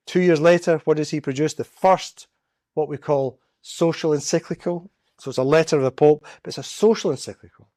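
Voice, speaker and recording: Man giving a lively talk. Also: a little high, dry recording, clean studio sound. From Scotland. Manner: storytelling, acts out quoted voices. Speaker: guest speaker. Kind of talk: public talk. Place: church.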